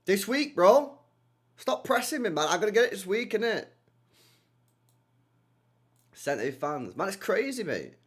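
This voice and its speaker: Animated young man. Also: sits high, unhurried, pauses often, breathy edge. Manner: animated, slangy, repeats himself with many tag questions. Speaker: streamer hosting a football watchalong. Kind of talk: casual livestream chat, reading and answering viewer comments.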